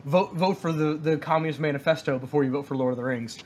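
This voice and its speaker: A man co-hosting a casual podcast discussion, talking in a halting way with many fillers and restarts. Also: a little high, darkish tone, a little hiss or hum. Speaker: podcast co-host.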